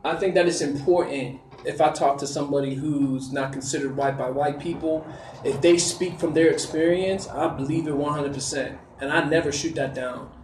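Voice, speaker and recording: A man hosting a casual interview, listening with short quiet affirmations. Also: a little high, steady tone, normal speed, reverberant, recorded from a distance, slight background noise.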